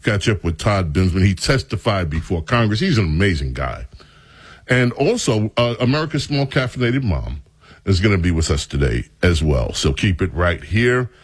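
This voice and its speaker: Low-voiced radio talk show host. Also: male voice, moderate pace, husky, dry recording. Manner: animated, sardonic.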